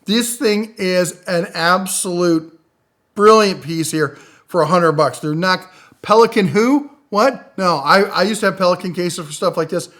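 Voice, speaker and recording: A middle-aged man giving a casual, rambling tool rundown, enthusiastic, with loudness and pitch that jump around as he talks. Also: a little slow. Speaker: tool reviewer.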